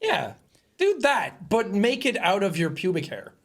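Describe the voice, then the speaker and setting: A man co-hosting a podcast in casual comedic chat, animated and giggly, full of crude jokes. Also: high voice, measured pace. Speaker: podcast co-host.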